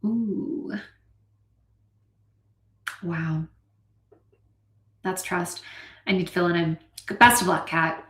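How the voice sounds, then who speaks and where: A woman hosting a casual stream, chatting animatedly and reading out viewer comments with quick asides. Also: fairly low pitch, fairly bright tone. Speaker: streamer hosting a writing session. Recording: roomy echo.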